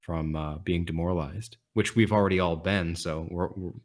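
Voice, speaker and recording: A man's voice: low-pitched, fairly even intonation, normal speed. A man in a casual podcast discussion, reflective and candid, sometimes trailing off.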